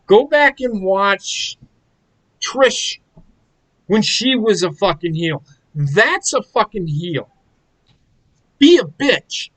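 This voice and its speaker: A man's voice: high voice, animated, slow, long pauses, bright, forceful tone, rough recording. A man co-hosting a casual live watch-along chat, ranting in a heated, profane way. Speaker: podcast co-host.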